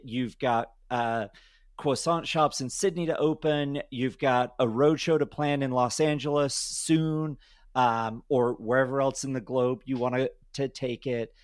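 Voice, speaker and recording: A man's voice: medium pitch, no echo, clean studio sound. A male podcast host who interviews a guest in a casual, playful way and often laughs.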